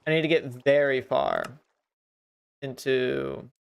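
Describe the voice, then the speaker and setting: A man talks through his game on a livestream, rambling and poking fun at himself as he works things out. His voice has a gravelly, creaky texture, yet it stays smooth and clear on his desk mic. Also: medium pitch, wildly swooping pitch, slow pace. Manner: thinks aloud, rambling and self-mocking. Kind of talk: casual gameplay commentary. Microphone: desk mic with noise gate.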